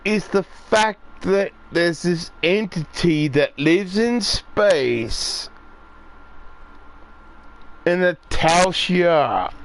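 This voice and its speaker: Profane ranting man, lively pitch. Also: extremely slow. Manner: profane, ranting, voice jumps high when riled. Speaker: gaming streamer. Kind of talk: casual rant while playing.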